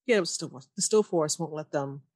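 A woman's voice: low voice, no echo, clean studio sound. A woman co-hosting a casual podcast, recapping a TV episode and acting out the characters' lines. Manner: animated, acts out characters' lines in quick impressions. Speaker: podcast co-host.

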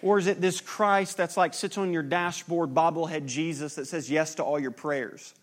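A man in his thirties, a pastor, preaching a sermon in a conversational, animated style that builds to an impassioned climax. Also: a little high, normal speed.

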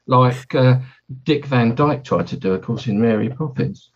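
A man's voice: mid-range voice, moderate pace, lo-fi sound. A man hosting a podcast in casual chat, rambling and correcting himself as he talks. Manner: rambling, self-correcting, chatty. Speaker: podcast host.

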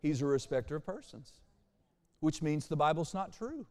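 A man preaching a sermon as pastor, animated, shifting between quiet and loud passages. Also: on the high side, moderate pace, big-room sound. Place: church sanctuary.

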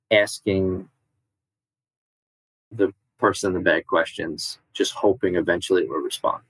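A man's voice: on the low side, no echo, low-quality recording. A man playing a tabletop horror game, speaking casually with hesitant, stop-start phrasing. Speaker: player.

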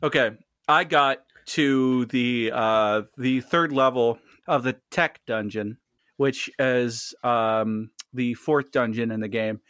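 A man's voice: mid-range voice, slow pace, fairly bright tone, clear, resonant tone, no echo. A man co-hosting a casual gaming podcast who laughs often, swears, and tells stories with energy. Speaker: podcast co-host.

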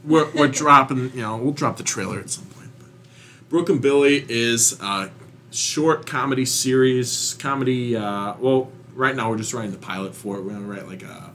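A young man co-hosting a podcast, laid-back and halting, swearing casually. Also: medium pitch, a bit bright, slight background noise. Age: young adult. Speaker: podcast co-host. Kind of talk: casual chat.

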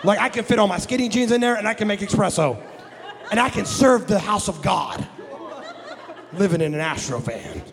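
A man from the Midwest, a guest pastor telling a comic story in a sermon, animated and jokey with bursts of shouting. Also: high voice, moderate pace, creaky, some chatter behind. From American Midwest. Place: church sanctuary. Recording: long hall reverb in a church.

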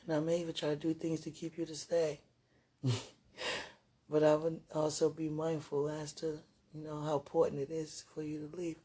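A woman with a husky, breathy voice speaks tenderly to someone she loves, halting and trailing off into murmurs. Her talk is intimate and prayerful, soft and unguarded. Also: sits low, monotone. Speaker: partner speaking to a loved one. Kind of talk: intimate emotional monologue with prayer.

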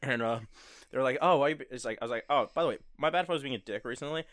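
A young man chats with a friend and tells stories from work, laughing and swearing as he goes. His voice sits at an ordinary pitch. The recording is close and dry. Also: very fast, a bit bright, no echo. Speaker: friend chatting. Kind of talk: casual chat.

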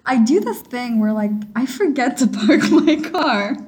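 A woman's voice: high voice, expressive, measured pace, darkish tone. A woman hosting a podcast in casual chat, telling a story with lots of laughter and animation.

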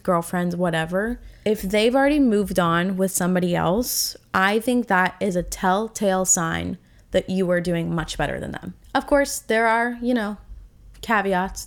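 A woman in her twenties hosting a solo podcast, talking in a candid, rambling, emotional way, full of fillers and restarts. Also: medium pitch. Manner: emotional and reflective. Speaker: podcast host. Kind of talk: casual solo podcast monologue.

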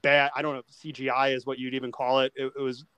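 A man hosting a casual movie podcast, with a voice of middling pitch. He rambles and restarts his words as he thinks. The sound is dry and close, with no room echo. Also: flat delivery, fast, a bit bright, clear, resonant tone. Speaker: podcast host.

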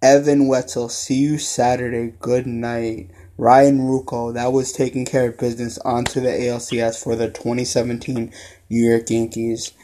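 A man hosting a casual sports podcast, reading out listener messages and reacting excitedly. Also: medium pitch, normal speed. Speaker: podcast host.

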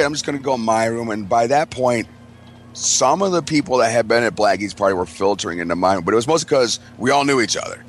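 A man's voice: mid-range voice, a little hiss or hum. A man telling a rambling, profane story in casual chat, acting out the quotes of everyone involved. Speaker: podcast co-host.

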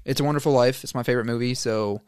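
A man's voice: mid-range voice, fairly even intonation, rapid-fire, smooth, no echo. Guy cohosting a chat, mid voice, kinda rambly, keeps restarting sentences. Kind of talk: casual chat.

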